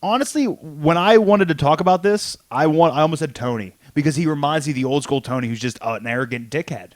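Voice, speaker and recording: This comics podcast co-host has a fairly high voice and a quick pace, with no echo around him. Chatting casually, he rambles through a story and acts out each line in his own voice.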